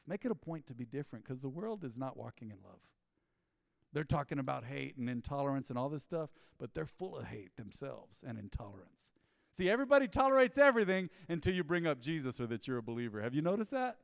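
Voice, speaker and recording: A man's voice: medium pitch, a little fast, gravelly, dry recording, studio quality, big-room sound. A male pastor, preaching a conversational sermon and acting out the people in his stories. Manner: animated storytelling, mimicking people in quoted asides. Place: church.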